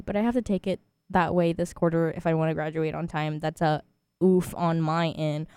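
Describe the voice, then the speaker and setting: A woman's voice: lowish voice, fairly quick, mellow, no echo. A twenty-year-old woman hosting a student radio show, chatting casually and rambling with frequent laughs. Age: 20s.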